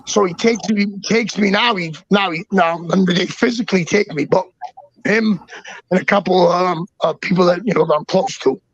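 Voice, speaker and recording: A man telling a long story as a guest in casual talk, halting and restarting often, and swearing freely. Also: sits high, breathy edge, dry recording, muffled recording. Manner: halting, with many restarts and repeats.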